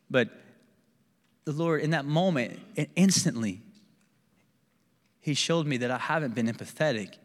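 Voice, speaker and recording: A young adult male pastor preaching a candid, animated sermon with personal stories and laughter. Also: fairly high pitch, long reverb tail.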